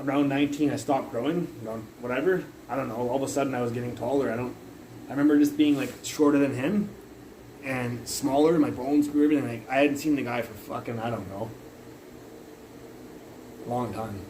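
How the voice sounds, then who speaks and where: A man's voice: medium pitch, a little fast, darkish tone, slight background noise, poor audio. A young man livestreaming from his phone, telling a long rambling story full of curses, fillers and restarts. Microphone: phone mic.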